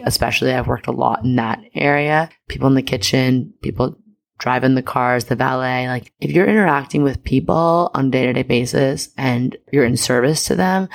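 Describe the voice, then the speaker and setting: A woman's voice: very deep voice, creaky. A young woman hosting a podcast, telling a personal story in a chatty, candid way full of fillers and the odd swear. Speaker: podcast host. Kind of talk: casual storytelling monologue.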